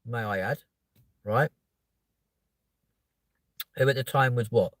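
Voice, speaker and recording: A man with a London accent tells a story in casual chat, his voice leaping up high and loud whenever he quotes himself. He swears freely and keeps checking in with "right?" and "yeah?". The sound is close and dry. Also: slow, no room sound. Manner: animated, voice jumps up when quoting himself. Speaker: podcast host.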